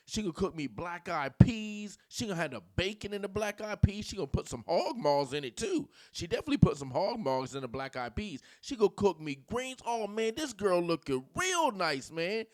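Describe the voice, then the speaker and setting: A man hosting a comedic commentary channel. His talk is animated and rambling and drifts into tangents, with his pitch swinging widely on a fairly high voice, and the sound is close and dry. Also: no room sound. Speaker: channel host.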